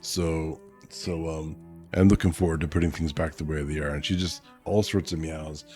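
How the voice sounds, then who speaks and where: A man's voice: very deep voice, steady tone, moderate pace, a little mellow, slightly rough, faint music behind. A man streaming a casual read-aloud of a novel, chatting in asides and correcting his own slips.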